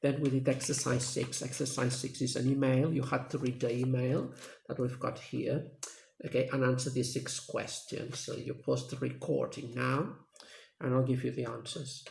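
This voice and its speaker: Gravelly man recapping an English lesson. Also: mid-range voice, level tone, normal speed, a little mellow. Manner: plain, patient classroom explaining. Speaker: English teacher. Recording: echoey room.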